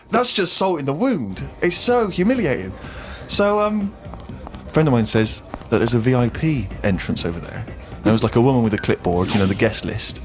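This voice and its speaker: Guy on a podcast, bit high voice, really bouncy pitch, rambles and um's through a funny embarrassing story. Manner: self-deprecating storyteller, hesitant fillers. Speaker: podcast co-host. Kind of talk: comic anecdote on a podcast.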